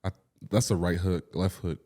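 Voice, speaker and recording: A young man co-hosting a podcast in casual chat, reacting with animated exclamations and laughing easily. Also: low-pitched, normal speed. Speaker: podcast co-host.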